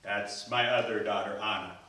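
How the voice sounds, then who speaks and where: A man voicing a proud, blustering older male island king who takes offence quickly, in an echoey room from far off. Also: fairly low pitch, fairly even intonation, pushed and bright, pitched below the performer's own voice.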